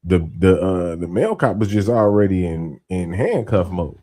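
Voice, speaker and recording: A man's voice: deep voice, moderate pace, mellow. A man co-hosting a casual podcast in a slangy, laid-back way, retelling events. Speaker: podcast co-host. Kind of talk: casual chat.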